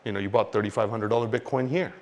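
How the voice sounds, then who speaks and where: A man teaching about crypto market cycles in an animated, expressive way, swinging between loud and quiet and mimicking panicked investors. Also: fairly low pitch, quick pace. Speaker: crypto educator. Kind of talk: explanatory talk to camera.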